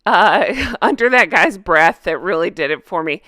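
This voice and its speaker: A woman hosting her own commentary channel, ranting in a sarcastic, exasperated, animated way. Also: medium pitch, measured pace, hardly any pauses, no room sound, studio quality.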